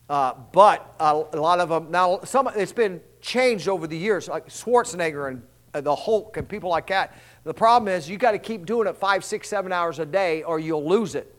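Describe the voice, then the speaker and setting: High-voiced man preaching a folksy sermon. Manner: rambling, folksy, call-and-response asides. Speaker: pastor.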